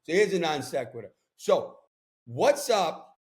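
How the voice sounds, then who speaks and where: A man from Brooklyn with a thick New York accent holds court on a podcast mic, riffing in a loose, streetwise rant. His voice sits high for a man, and he talks like he is telling stories to friends. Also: measured pace. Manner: animated ranting storyteller, streetwise. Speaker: podcast host. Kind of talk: casual chat. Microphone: podcast microphone.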